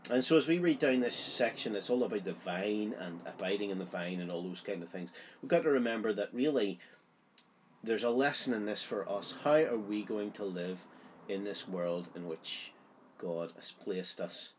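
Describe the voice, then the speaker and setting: A man's voice: on the low side, moderate pace, a little hiss or hum. A man giving a Bible study, explaining a chapter in an earnest, conversational way. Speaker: Bible teacher.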